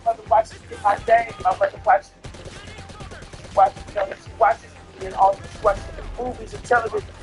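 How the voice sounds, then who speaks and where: A man's voice: high voice, fairly even intonation, brisk, over music. A tipsy man telling a personal story in a casual way, emphatic, repetitive and profane.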